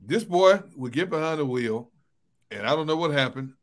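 A middle-aged man co-hosting a sports talk show, telling relaxed stories and chuckling often. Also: a little high, moderate pace. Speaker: sports radio co-host. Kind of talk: casual chat.

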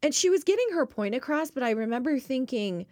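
A young woman from Reno co-hosting a podcast in casual chat, playful and quick to mimic accents. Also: sits high, lively intonation, a little mellow, no echo, clean studio sound. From Reno, Nevada. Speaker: podcast co-host.

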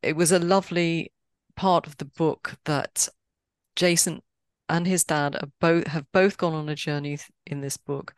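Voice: mid-range voice, fairly even intonation, a little slow, smooth, no echo, clean studio sound. A podcast host chats casually with a guest, speaking cheerfully and often restarting sentences. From Britain. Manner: chatty, with frequent restarts and a cheery tone. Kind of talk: casual interview chat.

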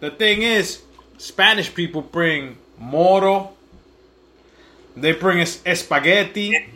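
A man's voice: high voice, slow, pushed and bright. A man co-hosting a podcast in casual, joking chat, swearing freely. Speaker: podcast co-host.

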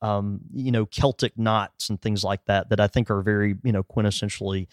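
A man's voice: fairly low pitch, steady tone, brisk, no echo, clean studio sound. A man hosting a podcast, explaining at length in a casual, rambling way full of fillers. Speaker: podcast host.

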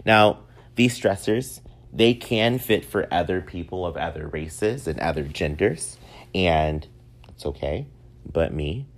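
Low-pitched and animated, this podcast host in his thirties takes a slow pace through his casual solo monologue. His chat is rambling and relaxed, punctuated by frequent laughter.

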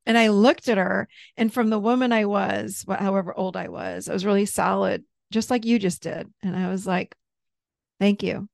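A middle-aged woman, a therapist and coach, telling a personal story as a podcast guest in a candid, animated way, laughing easily and swearing freely. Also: medium pitch, a little fast, creaky, few pauses, dry recording, studio quality. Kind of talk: casual storytelling in an interview.

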